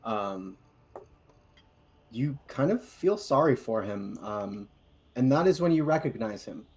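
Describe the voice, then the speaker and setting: A man narrating a tabletop game as dungeon master, in a casual, measured way with fillers. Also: medium pitch, big pitch swings, a little mellow.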